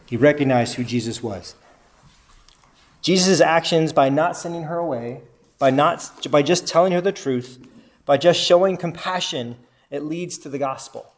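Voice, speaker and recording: On the high side and at a normal speed, this man's voice leads a group through a Bible lesson. He reads scripture aloud, puts questions to the listeners, and repeats back what they answer.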